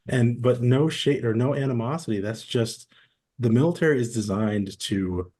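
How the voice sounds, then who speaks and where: A man in his forties, a podcast guest, telling stories in a relaxed, casual way and acting out quoted dialogue. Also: fairly low pitch. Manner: relaxed storyteller who acts out quoted dialogue. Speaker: podcast guest, former military. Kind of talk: casual interview storytelling.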